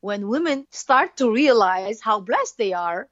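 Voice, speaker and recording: A woman's voice: fairly high pitch, animated, measured pace, no room sound. Effusive woman guest, dull dry sound. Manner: effusive, rambling with restarts. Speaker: guest author. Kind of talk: casual interview chat.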